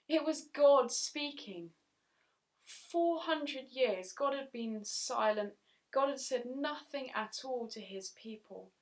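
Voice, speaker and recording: A woman giving a Bible story talk for children at church, speaking clearly and often asking her young listeners questions. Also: on the high side.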